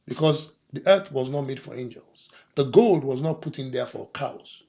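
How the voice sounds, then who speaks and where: A man preaching a sermon as pastor, moving from quiet scripture reading to loud, emphatic declarations. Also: mid-range voice, moderate pace, hardly any pauses. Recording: dull lo-fi sermon recording.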